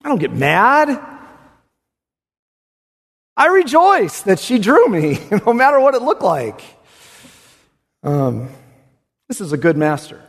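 Male preacher, high, very lively delivery, hushed to exclaiming; echoing church sanctuary. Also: slow pace, pauses often. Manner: animated, swings from hushed to exclamatory. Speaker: pastor. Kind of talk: expository sermon. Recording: reverberant hall.

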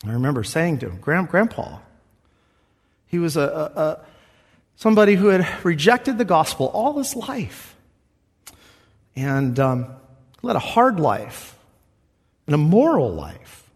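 A man's voice: a little high, sing-song, measured pace, pauses often, slightly rough, in a large hall. A man preaching a sermon as pastor, earnest and conversational, acting out quoted voices as he goes.

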